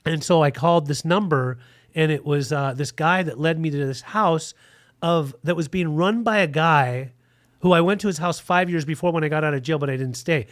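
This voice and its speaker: A man's voice: fairly high pitch, normal speed, no room sound, studio quality. A man in his forties telling a frank, rambling story in a casual podcast interview, with plenty of "like" fillers.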